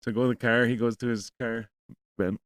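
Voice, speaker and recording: A podcast host speaks fast with a flat delivery at medium pitch. In casual chat he tells a rambling, profane story and performs both sides of a conversation.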